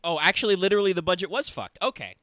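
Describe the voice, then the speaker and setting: A man's voice: high voice, racing, dry recording, clean studio sound. A man co-hosting a let's play stream, joking and commenting casually while reading game text. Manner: animated, joking, reads lines aloud.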